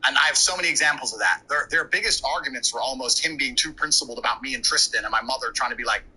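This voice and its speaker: A man's voice: mid-range voice, pushed and bright, husky, poor audio. A man in his thirties telling a story as a podcast guest, brash and profane. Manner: brash, profane, quick anecdotal delivery. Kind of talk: casual storytelling.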